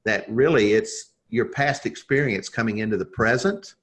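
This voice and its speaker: A man's voice: lowish voice, moderate pace, fairly bright tone. A man as a podcast guest, telling a personal story in an earnest, reflective way as a leadership coach.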